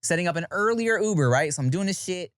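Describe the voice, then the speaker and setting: A man's voice: high-pitched, animated, quick pace, fairly bright tone, no room sound, clean studio sound. A man hosting a podcast, telling a story in casual chat with slang and swearing. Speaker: podcast host.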